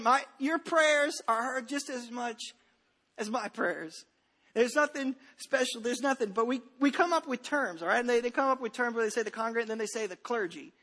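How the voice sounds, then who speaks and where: A very high-pitched man in his thirties preaches a Sunday sermon from a church stage. His voice is bright and forceful, and he talks in a loose, conversational way, joking and restarting his sentences as he tells stories. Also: lively intonation, normal speed. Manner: conversational, humorous storytelling with frequent restarts. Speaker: pastor.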